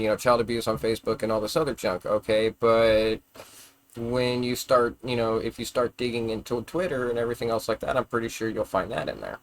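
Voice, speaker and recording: A man holds forth on a live stream in a loose, rambling rant. He swears freely and argues his point. He trips over his words and restarts them often, and his voice sits at an ordinary middle pitch. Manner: rambling, profane, argumentative, with frequent stammered restarts. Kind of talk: casual ranting monologue.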